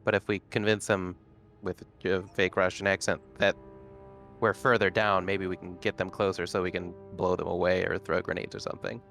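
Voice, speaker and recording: A man's voice: deep voice, little pitch movement, moderate pace, fairly bright tone, soft background music. A man playing a tabletop role-playing game, talking casually and eagerly planning his team's moves. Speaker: player.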